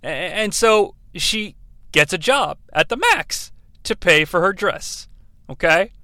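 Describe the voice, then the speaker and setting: High-voiced dude rambling on his podcast, swears a lot, cuts himself off. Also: animated, takes it slowly, pushed and bright, dry recording. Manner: rambling, profane, self-interrupting, laughs often. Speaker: podcast host. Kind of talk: comedic solo podcast riff.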